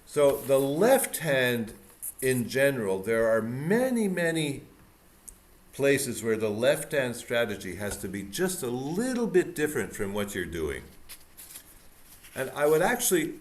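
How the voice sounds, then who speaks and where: A man's voice: mid-range voice, sing-song, measured pace. A man teaching a piano masterclass, coaching a student with encouragement and repeating words for emphasis. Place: music room with piano and mirror. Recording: piano playing behind the voice.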